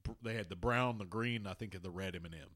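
A man co-hosting a casual sports podcast, swearing freely and telling stories with lively quoted voices. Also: low-pitched, fast talker. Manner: profane, animated storytelling. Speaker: podcast co-host.

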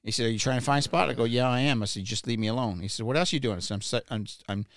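A man's voice: mid-range voice, very fast, no room sound, clean studio sound. A man casually telling a personal story, blunt and profane, stammering and repeating words when worked up.

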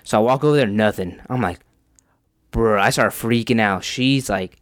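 A man's voice: fairly low pitch, moderate pace, no echo, clean studio sound. A young man in casual podcast chat, laughing often and bantering. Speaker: podcast co-host.

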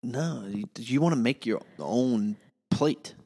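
A man's voice: mid-range voice, slow pace, in a large hall. A man co-hosting a podcast in casual chat, playful and often unsure of himself. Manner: playful, unsure, lively intonation. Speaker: podcast co-host.

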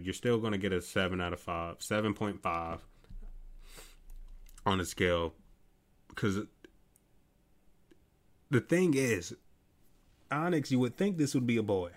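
A man hosting a late-night solo podcast, ranting in an exasperated, profane way with many restarts, tired and yawning. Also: on the low side. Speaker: podcast host. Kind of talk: casual solo commentary.

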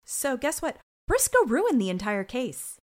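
A woman's voice: high voice, wildly swooping pitch, a little slow. A woman co-hosting a podcast, recapping a TV episode in casual chat, blunt and swearing as she acts out characters' lines. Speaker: podcast co-host.

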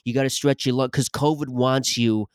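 A man's voice: mid-range voice, steady tone, moderate pace, clear, resonant tone, dry recording, studio quality, lightly acted. A man mimicking a preachy male TV newsman who gives repetitive, exhorting fitness advice in a pep-talk manner.

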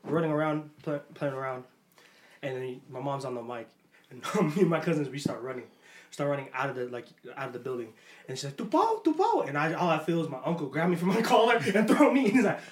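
A young man hosting a podcast, telling a story in a lively, casual way and laughing often. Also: fairly high pitch, quick pace. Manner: animated, laughs often while telling stories. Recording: echoey room with faint noise.

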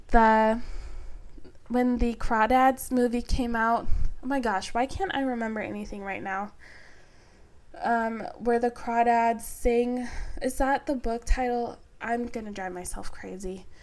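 A young woman talks casually about her favorite books, wandering off on tangents and filling pauses with "um" and "like". Her voice sits a little on the high side. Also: steady tone. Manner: chatty, rambling, filler-heavy. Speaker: book vlogger. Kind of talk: casual book tag chat.

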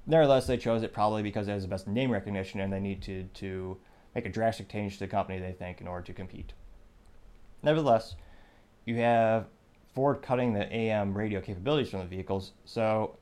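A man with a low voice hosting an opinionated news podcast. He talks in a conversational way and drops in sarcastic, wry asides. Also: fast, a little mellow, smooth. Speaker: podcast host.

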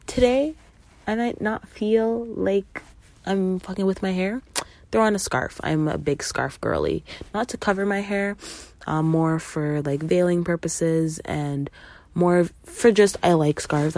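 A young woman with a low, gravelly voice talks candidly on her solo podcast. She swears freely and acts out the people she quotes with sudden leaps in pitch. Her voice sounds dry and close to the mic. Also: dark tone, no echo. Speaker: podcast host. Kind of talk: casual solo podcast talk.

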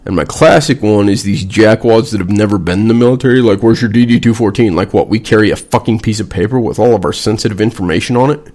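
A man's voice: fairly low pitch, fast, few pauses, a little mellow. A man, a veteran vlogger, delivering a blunt, sarcastic and heavily profane casual rant.

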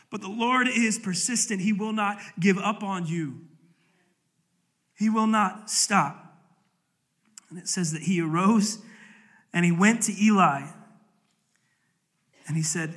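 A man's voice: high voice, moderate pace, pauses often, fairly bright tone. A male pastor preaching a sermon at a church service, earnest and emphatic, reading scripture aloud.

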